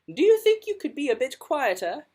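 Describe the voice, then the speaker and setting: A woman's voice: high voice, very animated, normal speed, a little mellow, pitched above the performer's own voice. Brief: woman playing patient storybook parents, sweet and lilting. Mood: pleading. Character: calm, coaxing parents of a loud child.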